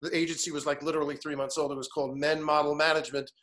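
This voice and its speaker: A man's voice: fairly high pitch, flat delivery, rapid-fire, a bit bright. A man in his fifties, a guest in casual conversation, telling an anecdote animatedly and acting out the other people in it. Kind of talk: casual storytelling chat.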